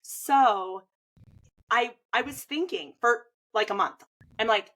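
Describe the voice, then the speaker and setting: A fairly high-pitched woman's voice moves at a slow pace over poor audio. She's a swim coach in her 30s having a casual conversation, chatty and animated in her retelling, with many "like" fillers.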